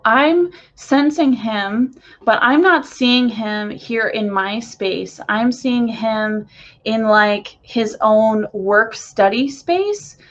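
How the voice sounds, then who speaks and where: A woman speaks from her bedroom as a spiritual channeler, eager and gushing, and leans on fillers as she describes what she senses. Her pace is unhurried. The recording sounds a little muffled and lo-fi. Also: on the high side. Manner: excitable, gushing, many fillers. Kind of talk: casual channeling session for viewers.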